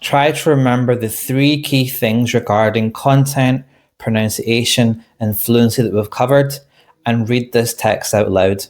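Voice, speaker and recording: A man teaching an English exam lesson to online viewers in a clear, deliberate way. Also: mid-range voice, steady tone, darkish tone.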